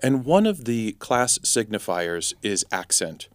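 A man interviewing theatre people, asking measured, thoughtful questions. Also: on the low side, very animated, no echo. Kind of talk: conversational interview.

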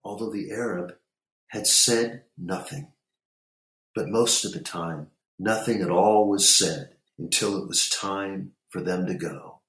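A man narrating a story in a measured, unhurried reading. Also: low-pitched, fairly bright tone, roomy sound.

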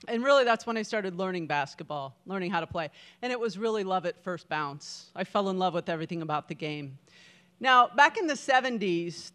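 Woman, 50s, storyteller. Smooth, clear voice with an earnest, reflective delivery. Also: medium pitch, a bit bright. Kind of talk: live personal storytelling.

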